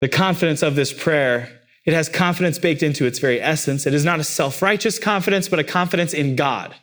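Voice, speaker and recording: A man's voice: a little high, a little fast, fairly bright tone. A pastor delivering a sermon, repeating phrases emphatically and lifting his voice on key words.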